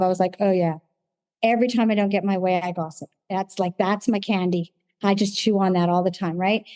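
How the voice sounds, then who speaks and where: A middle-aged woman sharing her recovery story at a meeting, animated, acting out her own past conversations. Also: mid-range voice, no echo. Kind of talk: personal testimony in a recovery meeting.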